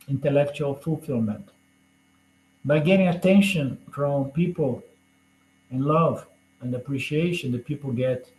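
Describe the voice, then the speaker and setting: A man gives a relaxed spiritual lecture, his voice sitting a little higher than most men's. He talks casually, leaning on "you know?" and playful asides. The sound carries the echo of a roomy room. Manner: chatty, peppers points with "you know?" and jokes. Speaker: scripture class teacher. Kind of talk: conversational lecture.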